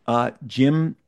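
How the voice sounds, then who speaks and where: As an interview guest, a man with a mid-range voice tells a long, casual anecdote. He's animated, often stumbling, restarting phrases and repeating himself as he keeps going. The sound is dry and close, with no room tone or echo.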